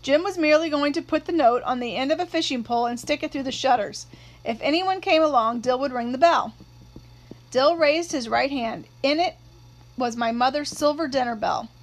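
Woman reading an audiobook, high voice, steady. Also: moderate pace, low-quality recording. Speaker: narrator. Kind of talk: audiobook narration.

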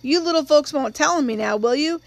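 A woman voicing a middle-aged man who talks to children in a relaxed, confiding, wry way. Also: sits high, a little fast, dry recording, pitched above the performer's own voice.

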